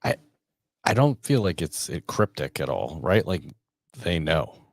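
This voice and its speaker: Very deep-voiced laid-back man. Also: sing-song, unhurried, dry recording, clean studio sound. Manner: laid-back, agreeing, laughs often. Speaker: podcast co-host. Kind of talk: casual podcast chat.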